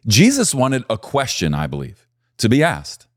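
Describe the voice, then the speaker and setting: A man preaching a sermon, animated and repeating key phrases for emphasis. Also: mid-range voice, moderate pace, dry recording, studio quality. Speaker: pastor.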